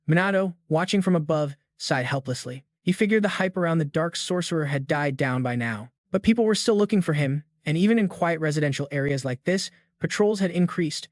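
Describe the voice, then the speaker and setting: A man giving a steady, scripted narration of a story recap. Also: fairly high pitch, fairly quick, dry recording, clean studio sound.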